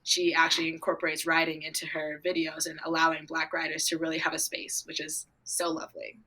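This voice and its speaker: A teenage girl answering interview questions in a bubbly, storytelling way, acting out her own excited reactions. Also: sits low, brisk. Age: teens. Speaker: young equestrian guest.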